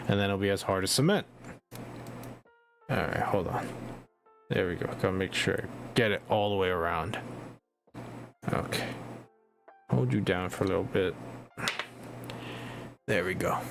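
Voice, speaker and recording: A man's voice: fairly low pitch, gravelly. A man hosting a casual painting livestream, chatty and encouraging, making little sound effects as he works. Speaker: livestream host painting miniatures.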